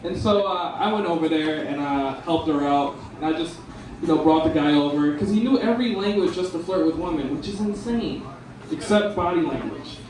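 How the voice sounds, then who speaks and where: A man's voice: a little high, normal speed, crowd noise. A young man doing a rambling, casual stand-up comedy set in a bar lounge. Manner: rambling, casual, lots of ums and dudes. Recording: echoey room from far off.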